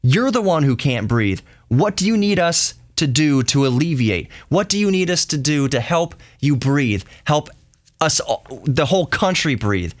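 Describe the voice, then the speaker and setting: A man's voice: on the high side, animated, unhurried, no echo, clean studio sound. A man hosting a podcast, talking in an earnest and heated solo monologue, often repeating and restarting his phrases. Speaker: podcast host.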